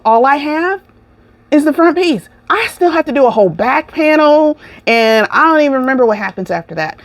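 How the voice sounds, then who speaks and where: A woman's voice: on the high side, dry recording. A woman with a lilt hosting a crochet podcast, ranting and laughing in casual chat.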